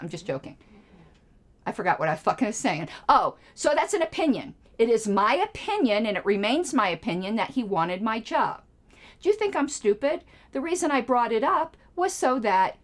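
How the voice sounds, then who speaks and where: Combative woman host with a lively voice. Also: a little high. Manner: sarcastic, combative, profane. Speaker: show host. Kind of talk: ranting live-stream monologue.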